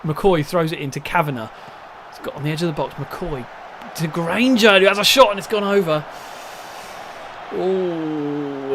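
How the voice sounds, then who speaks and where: A man chatting casually at home while playing a football management game, rambling and bursting into excited shouts when chances come. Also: on the high side, noisy background. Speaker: let's play host. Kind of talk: casual gameplay commentary. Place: at home at a desk.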